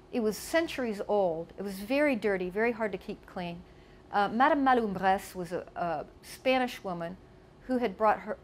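A woman's voice: mid-range voice, slight background noise. A woman casually reminiscing about her past while showing photos, chatty with many asides. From United States. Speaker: storyteller.

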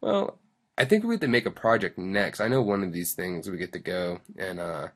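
A man's voice: deep voice, animated, fairly quick, fairly bright tone, slight background noise. A young man casually talking through a coding tutorial, reading steps aloud and rambling into self-deprecating asides. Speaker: tutorial host.

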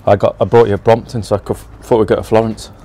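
A man's voice: lowish voice, level tone, fast, dark tone. A man hosting a casual travel vlog outdoors, talking in a joking, cheeky banter. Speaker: vlog host. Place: outdoors, riding a bike through town. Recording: background music under the voice.

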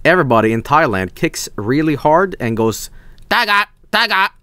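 A young man with a Swedish accent streaming a geography guessing game, thinking aloud, swearing and breaking into excited yelps. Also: mid-range voice, normal speed, dry recording. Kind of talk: casual gameplay commentary.

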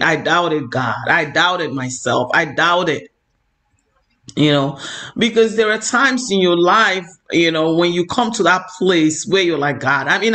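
High-voiced man giving earnest testimony. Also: bright, forceful tone. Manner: earnest, repetitive, many "you know"s. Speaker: online preacher. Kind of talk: personal testimony.

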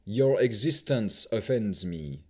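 A man voicing a haughty male elf chamberlain who speaks in a cold, measured, sneering way. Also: fairly low pitch, expressive, warm tone, husky, exaggerated voice. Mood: contemptuous.

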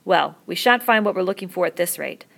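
A low, gravelly-toned reading voice lifts into an eager schoolboy who brags and insists. A woman plays him out as she reads aloud. He sounds young, proud and bent on being believed. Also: animated, fairly quick, a bit bright. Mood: determined. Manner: boastful, then uneasy and insistent. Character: eager British schoolboy leader, about twelve.

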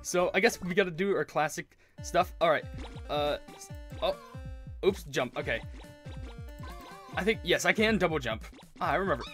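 A man hosting a gaming channel, gushing with excitement and stumbling over his words as he plays, with game music behind him. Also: fairly high pitch, brisk. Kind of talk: excited let's play commentary. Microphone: earphones with mic.

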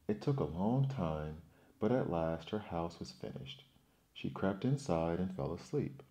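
A man reading folktales aloud as a soft, soothing ASMR bedtime story. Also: low voice, expressive, measured pace.

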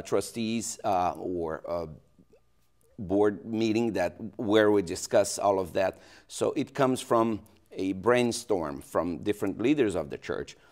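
A male pastor with a Brazilian Portuguese accent talks in a very low, deep voice. He speaks haltingly in a local TV interview, restarting phrases and filling gaps with "uh". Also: darkish tone. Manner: hesitant, many restarts and fillers.

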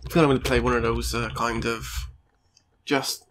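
A man's voice: medium pitch, little pitch movement, moderate pace, a bit bright, a little hiss or hum. A man giving let's play commentary over a game, swearing often and joking at his own expense. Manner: sweary, joking, self-mocking. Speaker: gaming YouTuber.

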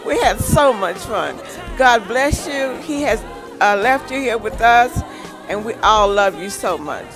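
A woman's voice: fairly high pitch, expressive, measured pace. Older lady in her 70s getting emotional about old times, music and crowd noise behind. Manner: warm, emotional, reminiscing, laughs through tears. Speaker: birthday well-wisher. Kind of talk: heartfelt birthday message.

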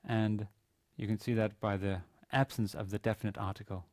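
A man giving a university grammar lecture, pausing often with fillers and restarting his sentences. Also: fairly low pitch, steady tone, a little mellow, dry recording, studio quality. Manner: hesitant, many fillers and restarts. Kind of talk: classroom lecture. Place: university classroom.

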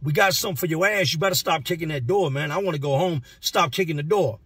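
A man's voice: on the high side, fast talker, fairly bright tone, breathy edge, dry recording, distant mic, pitched above the performer's own voice. A man voicing a stern prison guard who is tired of dealing with an inmate, with curt, dismissive talk.

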